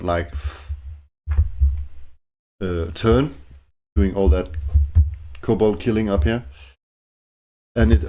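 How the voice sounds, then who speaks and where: A man narrating his own solo tabletop game, thinking aloud in a hesitant way, with many fillers and restarts and quiet chuckles to himself. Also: deep voice, slight background noise.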